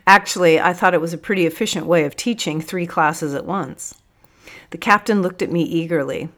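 A woman with a low voice narrates a story in the first person, in a measured and gently expressive way. Her reading is unhurried and even. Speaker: audiobook narrator.

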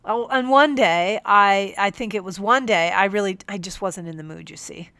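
A woman's voice: mid-range voice, normal speed, pushed and bright, dry recording. A woman doing a pompous, defensive police captain. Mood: sheepish. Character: defensive middle-aged male police captain.

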